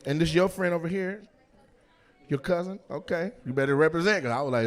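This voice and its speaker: A man doing loud, teasing crowd work as a stand-up comedian on a comedy club stage, with a handheld mic. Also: fairly high pitch. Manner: loud, teasing, quick-jumping between voices.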